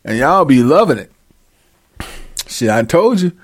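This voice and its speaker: Animated, profane man ranting. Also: medium pitch, measured pace. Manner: animated, profane, slangy, laughs often. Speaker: commentator. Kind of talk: comedic rant to camera.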